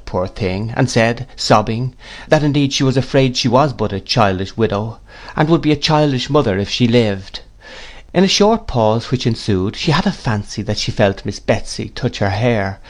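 A man narrating a classic novel in a measured, unhurried storytelling manner. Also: lowish voice. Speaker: audiobook narrator.

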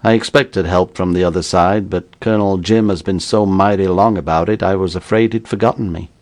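A man's voice: sits low, steady tone, a little fast, dry recording. A man doing a shifty nervous ex-convict. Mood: probing. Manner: uneasy, folksy drawl with slang.

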